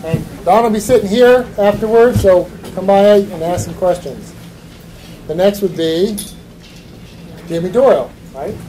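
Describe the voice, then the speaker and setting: High-voiced man moderating a town forum. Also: measured pace, mellow. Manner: informal, friendly, instructing. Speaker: event moderator. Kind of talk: casual event hosting. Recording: noisy room recording.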